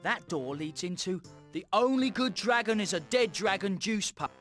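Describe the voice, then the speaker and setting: An actor voicing a polite young dragon hero in a cartoon adventure game, with dry, wry delivery. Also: male voice, sits high, animated, normal speed, fairly bright tone, soft background music.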